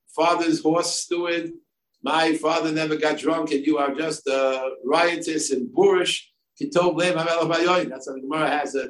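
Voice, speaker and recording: Older rabbi lecturing in a roomy space. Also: male voice, on the high side, slight background noise. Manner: discursive, many fillers and asides. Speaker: rabbi and yeshiva head. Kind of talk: Torah lecture. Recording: echoey room, distant mic, faint ambience.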